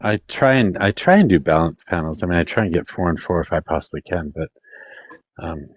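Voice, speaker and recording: Deep-voiced blunt man hosting debate. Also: expressive, brisk, dull audio. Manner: blunt, repeats questions. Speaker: debate show host. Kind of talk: casual political debate.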